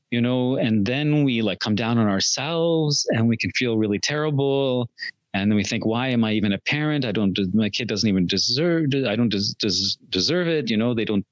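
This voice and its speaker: A man's voice: mid-range voice, no echo, dull audio. A man talking as a podcast guest in casual interview chat, earnest and reflective, laughing at his own slips.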